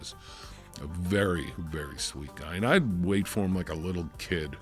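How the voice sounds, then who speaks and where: A man with a New Jersey accent telling lively film-set stories in an interview, acting out what others said and swearing casually. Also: deep voice, normal speed, faint music behind. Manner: animated anecdotes, acts out quoted voices, swears casually. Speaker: film crew member, interview guest.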